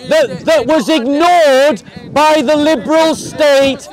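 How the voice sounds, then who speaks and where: A man arguing forcefully in an outdoor street debate, repeating himself to hold the floor. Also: very high-pitched, slow pace. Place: outdoor public speaking spot.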